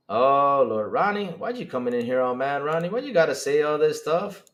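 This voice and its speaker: A man hosting a live stream, reading chat aloud and reacting with excitable disbelief and frequent laughter. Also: a little high. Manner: excitable, incredulous, laughing, rapid swings in loudness.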